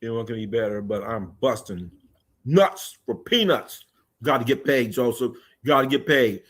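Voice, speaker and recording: Male sports livestream host, casual and joking, reacting loudly to chat; mid-range voice. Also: medium pitch, moderate pace. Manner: loose, joking, animated bursts. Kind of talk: casual chat reading live comments.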